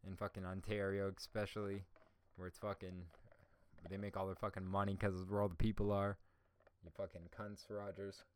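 Profane ranting man, low-voiced. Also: level tone, normal speed. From Canada. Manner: swears constantly, ranting, says "bro" and "dog". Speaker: podcast host. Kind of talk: profane solo podcast rant.

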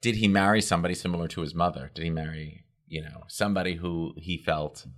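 A man's voice: deep voice, fairly even intonation, fast talker, fairly bright tone. A man in casual chat, curious and asking many questions.

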